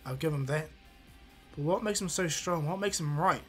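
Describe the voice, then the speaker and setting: A man's voice: on the high side, normal speed, faint music behind, natural voice. A man voicing an aloof teenage boy ninja who asks incredulous questions, in a fan story. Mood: curious.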